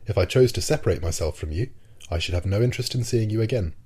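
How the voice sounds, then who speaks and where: A man voicing a proud, stern male submarine commander who speaks in a calm, penetrating, measured way. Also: lowish voice, husky. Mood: stern, disdainful.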